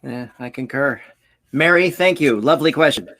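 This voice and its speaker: A woman moderating a virtual fan panel, reading out questions with upbeat quick thanks and short affirmations. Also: rumbling low, a bit bright. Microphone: video call.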